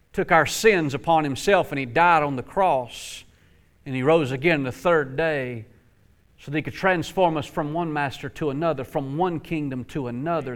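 A man preaching a sermon, swinging from quiet, low passages to impassioned, climbing outbursts. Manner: impassioned, rising to near-shouts, then dropping low.

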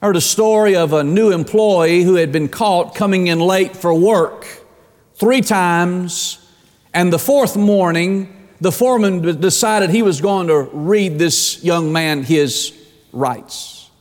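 A man preaching a sermon as pastor, drawing out key words slowly and repeating himself for emphasis. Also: high-pitched, in a large hall. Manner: preaching with dramatic slow emphasis and repetitions.

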